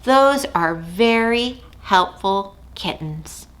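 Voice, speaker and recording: A woman librarian leading a storytime for young children, animated and sing-song, asking the kids questions. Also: mid-range voice, extremely slow.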